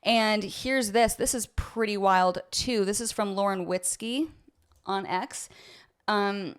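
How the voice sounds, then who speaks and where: A woman's voice: mid-range voice, slow, clear, resonant tone. A woman from the United States giving a heated, opinionated commentary as a vlogger, talking to her viewers with a sarcastic edge. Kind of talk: ranting commentary to camera.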